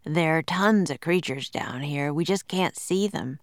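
A woman's voice: deep voice, measured pace, no echo, studio quality. A woman reading as a careful young boy. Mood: cautious. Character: cautious bookish young boy.

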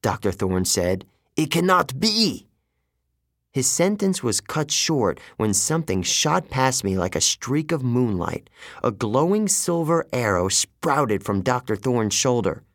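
A man reading an audiobook in first person, his delivery full of lively rises and falls. His voice sits at an ordinary pitch, and the recording is dry and close with no room sound. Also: a little slow, dry recording. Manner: expressive first-person storytelling. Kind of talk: audiobook narration.

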